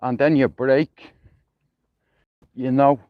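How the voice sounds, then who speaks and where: Slow-talking Dublin man, dull lo-fi phone stream. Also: mid-range voice, fairly even intonation, dry recording. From Ireland. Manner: rambling, sweary, "you know what I mean". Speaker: livestreamer. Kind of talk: casual livestream chat. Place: outdoors, walking through a neighbourhood.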